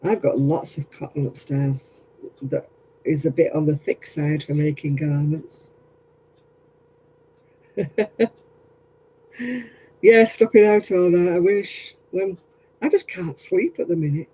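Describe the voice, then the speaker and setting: Tired, husky-voiced man. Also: fairly high pitch, fairly even intonation, slow pace, long pauses, dark tone, poor audio. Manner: chatty, rambling, laughs often. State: tired, yawning. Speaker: craft livestream host. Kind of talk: casual chat with viewers.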